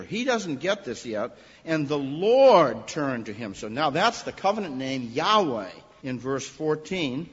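A man preaching an expository sermon, animated and raising his voice on quoted lines. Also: on the high side, slightly rough. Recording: dull lo-fi recording with long hall reverb.

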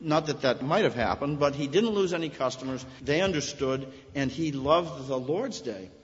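A man's voice: medium pitch, expressive, moderate pace. A male pastor preaching an earnest, storytelling sermon in a church, rising to emphatic peaks. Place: church sanctuary. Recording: echoey hall, dull sound.

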